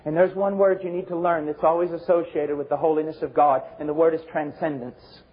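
Fervent preacher man, high voice. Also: flat delivery, fairly quick, breathy edge. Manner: fervent, swings from shouting to low intense tones. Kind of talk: sermon. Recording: dull lo-fi recording.

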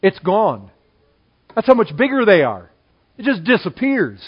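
A man preaching a sermon in an animated way, swinging between loud exclamations and quiet asides. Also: high voice, unhurried, breathy edge, muffled recording.

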